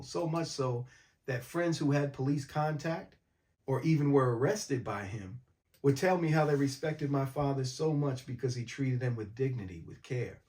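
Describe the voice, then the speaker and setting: A man from mid-state New York, calmly recounting a personal story in a documentary interview. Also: mid-range voice.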